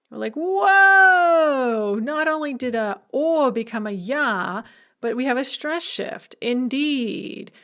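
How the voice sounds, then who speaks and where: Woman, language lecturer, slow measured delivery, fairly high voice, lively asides. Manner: slow, deliberate explaining with enthusiastic asides. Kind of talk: recorded grammar lecture.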